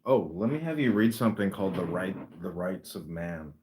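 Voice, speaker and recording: A man's voice: low voice, lively intonation, a little fast, a little mellow. A man hosting a podcast, chatting casually with rambling, encouraging talk full of fillers. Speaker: podcast host. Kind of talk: casual chat.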